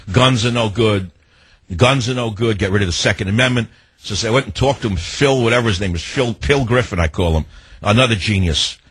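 A man's voice: mid-range voice, a bit bright, breathy edge, dry recording. A man hosting a talk radio show, delivering a ranting, sarcastic monologue.

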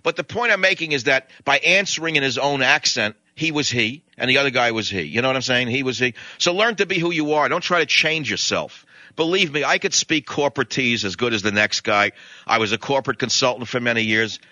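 A man's voice: mid-range voice, a little fast, pushed and bright, no room sound. An older man with a New York accent, giving a blunt, rambling talk radio monologue. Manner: blunt, ranting, digressive.

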